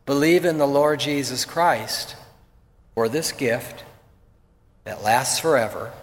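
A man's voice: medium pitch, slow pace, slight background noise. A male pastor preaching a sermon in a church, telling stories in a conversational, folksy way. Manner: conversational storytelling, folksy asides. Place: church sanctuary. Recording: long reverb of a church hall.

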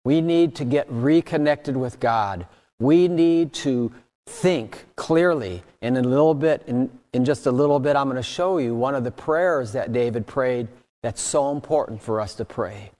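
A man preaching a sermon as pastor, earnest and deliberate, rising in pitch and volume on key points. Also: darkish tone, in a large hall.

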